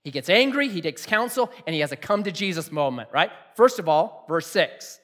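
Lively, animated man preaching a sermon. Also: sits high, moderate pace. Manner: animated, jokey, acts out quotes with shouting. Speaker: pastor.

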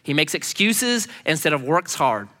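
Sharing a personal story from the pulpit, a male pastor animatedly mimics the voices of those involved. His voice is slightly high, at a moderate pace, with long reverb.

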